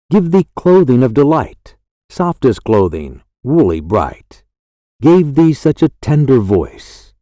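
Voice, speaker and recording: A man reading poetry aloud as an audiobook narrator, in a measured recitation. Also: mid-range voice, dark tone, no echo, studio quality. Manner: slow, measured, lilting recitation.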